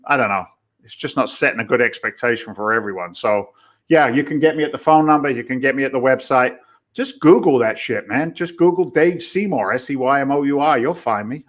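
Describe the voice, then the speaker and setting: A man's voice: medium pitch, a bit bright. A middle-aged man, a guest talking bluntly and jokingly about investing. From Boston area. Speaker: podcast guest, real estate investor. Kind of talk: casual interview talk.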